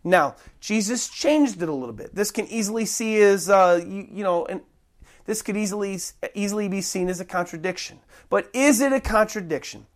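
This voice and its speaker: A preacher giving a sermon, emphatic, slowing down to stress key phrases. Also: mid-range voice, expressive. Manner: emphatic, shifting pace with slow stressed phrases.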